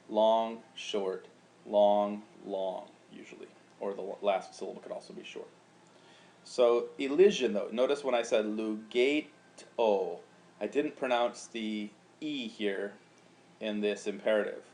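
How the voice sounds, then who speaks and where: In a recorded lecture, a Latin teacher with a lowish, slightly mellow voice patiently explains grammar. He also chants out rhythms one syllable at a time.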